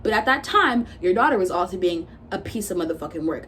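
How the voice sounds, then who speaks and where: Her mid-range voice is expressive and a bit bright, moving a little fast with few pauses. She's a vlogger in her twenties telling a casual storytime rant, cursing bluntly and retelling fights through quoted dialogue.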